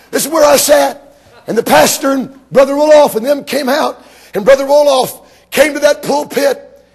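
High gravelly preacher. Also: male voice. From Georgia, US. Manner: emphatic storytelling, rising to shouts. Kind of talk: sermon.

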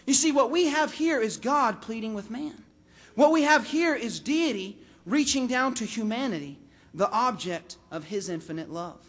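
A man preaching a sermon, swelling to emphatic peaks and dropping low on key words, repeating phrases for emphasis. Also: animated, normal speed, fairly bright tone.

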